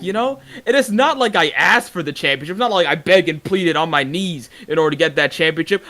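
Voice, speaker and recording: A man's voice: fairly high pitch, animated, fairly quick, hardly any pauses, pushed and bright. A man giving a boastful, confident trash-talk promo at a wrestling league press conference, growing heated and defensive when challenged.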